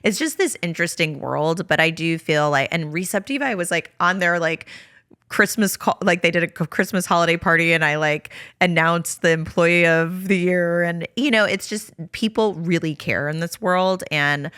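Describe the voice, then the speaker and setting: A woman's voice: on the low side, moderate pace, fairly bright tone, clear, resonant tone, no room sound, studio quality. A young woman co-hosting a podcast in casual chat, rambling with lots of "like" and "you know". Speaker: podcast co-host.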